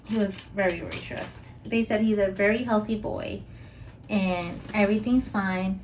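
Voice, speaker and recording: A woman's voice: mid-range voice, fairly even intonation, normal speed, darkish tone, slight background noise, rough recording. A young woman hosting a mental health podcast, talking casually and emotionally in a rambling vlog monologue full of "like". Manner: rambling and emotional, heavy use of filler "like".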